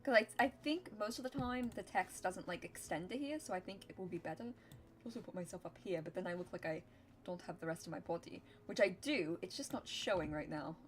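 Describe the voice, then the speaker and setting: A woman's voice: on the low side, fairly quick. A woman streamer chatting casually and giggling while she plays and thinks aloud. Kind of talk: casual game commentary.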